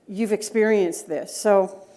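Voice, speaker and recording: Slow and dark-toned, a middle-aged woman's medium-pitched voice keeps a fairly even intonation. She is a data governance director giving a conference breakout talk full of personal stories and rhetorical questions to the room.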